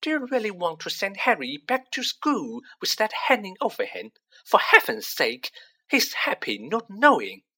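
A reader voicing a middle-aged storybook mother who speaks briskly and shrilly. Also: mid-range voice, huge pitch swings, pushed and bright, slightly rough, pitched above the performer's own voice, full character voice. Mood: shrill.

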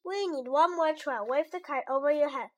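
A woman voicing a calm, patient male frog who encourages his friend, in a children's storybook read-aloud. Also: high-pitched, moderate pace. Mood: encouraging.

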